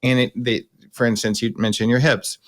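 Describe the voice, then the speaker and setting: A man's voice: medium pitch, flat delivery, moderate pace, fairly bright tone. A man hosting a podcast, explaining things bluntly and emphatically in a casual coaching conversation.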